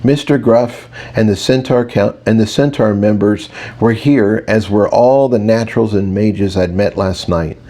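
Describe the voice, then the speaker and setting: Mellow, low-voiced male audiobook narrator. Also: measured pace, few pauses. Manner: wry, conversational. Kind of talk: first-person audiobook narration.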